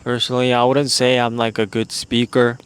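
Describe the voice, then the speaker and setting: A man's voice: medium pitch, completely flat delivery, fairly quick, fairly bright tone, clean tone. A young man hosting a casual solo podcast outdoors in the evening, rambling and unsure as he thinks aloud. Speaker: podcast host.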